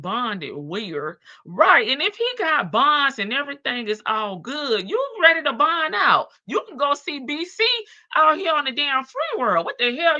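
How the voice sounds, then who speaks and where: A woman with a mid-range, bright voice and a forceful tone hosts a live stream, and the recording is dry with dull audio. She gives sassy, casual commentary on jail calls, answers chat, talks back to viewers, and laughs often.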